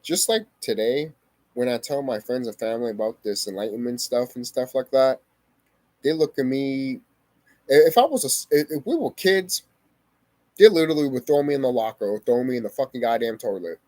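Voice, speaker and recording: A man's voice: mid-range voice, expressive, brisk, a little mellow, dry recording. Heated, profane man telling his story. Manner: profane, heated, emphatic, repeats phrases. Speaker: vlogger. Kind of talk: emotional personal storytelling to camera.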